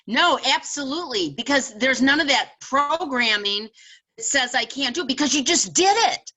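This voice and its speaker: Female educator guest, animated storyteller, sharp, bright tone. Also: sits high, normal speed, low-quality recording. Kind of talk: storytelling in a casual chat.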